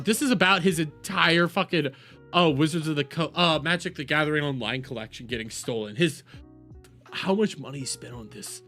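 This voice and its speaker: A man streaming a reaction video, talking casually with profanity and mockery, jumping from shouts to low mutters. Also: moderate pace, faint music behind. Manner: loud, profane, mocking, swings between shouts and mutters. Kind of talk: casual livestream reaction commentary.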